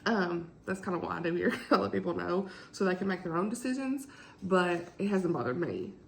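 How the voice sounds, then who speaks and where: A woman's voice: animated, fairly quick, creaky, slight background noise, poor audio. A woman, chatting casually and rambling about books in a book vlog from home, laughing often. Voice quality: deep morning voice. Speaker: book vlogger. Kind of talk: casual chat.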